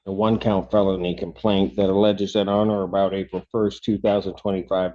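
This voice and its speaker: A man serves as judge at an arraignment, reading the charges in a formal, measured way and patiently repeating his questions. His voice sits on the low side. The courtroom sound is muffled and dull. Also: warm tone.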